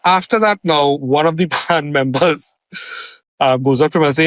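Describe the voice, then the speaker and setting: A man's voice: on the high side, normal speed, no echo. A man, co-hosting a casual podcast and telling a story with acted-out voices and frequent laughter. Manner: animated storyteller, acts out voices, laughs often. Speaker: podcast co-host.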